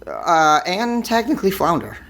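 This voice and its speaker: Male podcast co-host with a lively, swinging delivery and a jokey streak. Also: normal speed. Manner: jokey, bursts into sound effects and high squeals. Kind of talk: casual geeky podcast chat.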